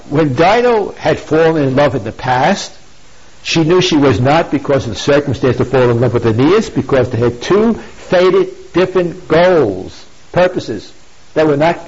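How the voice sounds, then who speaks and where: Male speaker telling a story with a moral, husky and slightly high voice, lots of "you see?" asides, lo-fi dull audio. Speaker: pro-life speaker. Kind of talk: informal moral talk, retelling a classic story. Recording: dull lo-fi recording.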